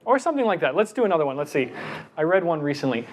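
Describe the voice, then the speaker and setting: A middle-aged man presenting a lecture on giving talks, animated, reciting verse with deliberate breaths. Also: fairly high pitch.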